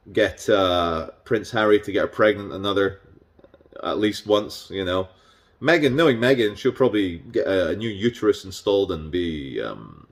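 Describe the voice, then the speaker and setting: Sarcastic, rambling man vlogging. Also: lowish voice. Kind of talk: casual monologue.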